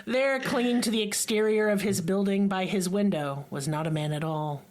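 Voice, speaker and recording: A woman's voice: medium pitch, moderate pace, darkish tone. A woman podcast host spinning a spooky tale in loose, comedic chat. She peppers it with profanity and sarcastic jokes, and she often dissolves into giggles at how silly the story is.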